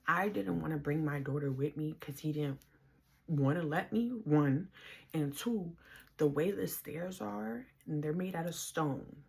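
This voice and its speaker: A woman's voice: low voice, a little slow, gravelly, a little mellow, slightly rough. A woman in her twenties from the Bronx with a New York accent, telling her own story to camera in casual slangy talk. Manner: casual slangy talk, quoting others in voices, rising when heated.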